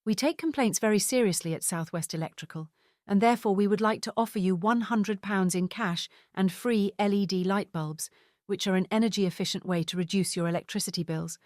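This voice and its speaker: A woman voicing a cheerful young woman who poses as a saleswoman, in a strong Essex accent and with bright sales patter. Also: mid-range voice, fairly quick, dry recording, studio quality, natural voice. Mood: chirpy, salesy.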